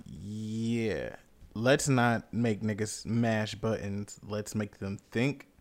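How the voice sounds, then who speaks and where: A young man chatting casually and easily with a friend, in a relaxed, slangy way. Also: fairly low pitch, takes it slowly. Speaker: friend in a podcast chat. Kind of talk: casual chat.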